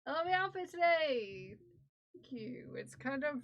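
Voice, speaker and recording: High-voiced woman chatting while crafting. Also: big pitch swings, unhurried, muffled recording. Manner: playful, chatty, talks while working with her hands. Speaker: livestreamer crafting on stream. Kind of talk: casual chat with viewers while crafting.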